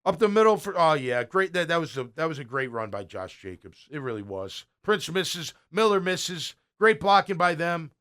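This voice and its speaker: A middle-aged man with a fairly high voice talks through game film as a casual play-by-play. He is excitable and blunt, with loud bursts of praise and quiet muttered asides. He sounds like a sports show host chatting. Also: normal speed, few pauses.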